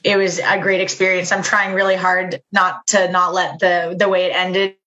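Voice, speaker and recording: A woman's voice: lowish voice, little pitch movement, moderate pace, bright, forceful tone, muffled recording. A young woman from Canada with a Canadian accent, chatting as a podcast guest, laughing often and rambling with restarts. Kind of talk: casual podcast chat.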